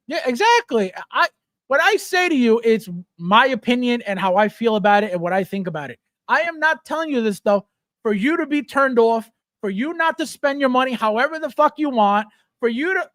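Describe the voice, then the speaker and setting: A man's voice: extremely high pitch, lively intonation, a little fast, a bit bright, no echo, studio quality. A man hosting a livestream, ranting bluntly and with heavy profanity as he reads out and answers viewer chat. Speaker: livestream host. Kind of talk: casual livestream rant.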